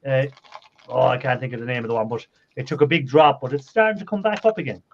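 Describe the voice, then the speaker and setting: A man's voice: mid-range voice, quick pace, gravelly. A man co-hosting a casual livestream chat, teasing and laughing often as he reads out viewer questions. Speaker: co-host reading viewer comments. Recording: dull lo-fi sound with steady noise.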